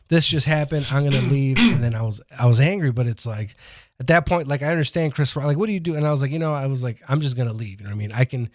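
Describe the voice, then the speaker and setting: A man's voice: medium pitch, darkish tone, no room sound, studio quality. A man, a comedian guest on a podcast, telling rambling, profane stories and acting out his own lines in casual chat.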